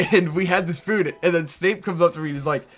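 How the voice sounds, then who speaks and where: A man co-hosting a casual chat, telling a long story in an animated way and swearing freely. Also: sits high, normal speed, faint music behind. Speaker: co-host.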